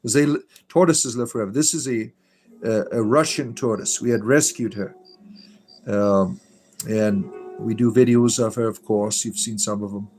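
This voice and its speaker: Guy rambling on his livestream, blunt and a bit crude, some quiet music playing. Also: fairly low pitch, steady tone, normal speed, low-quality recording. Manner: blunt and irreverent, swears casually. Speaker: livestream host. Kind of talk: casual livestream chat.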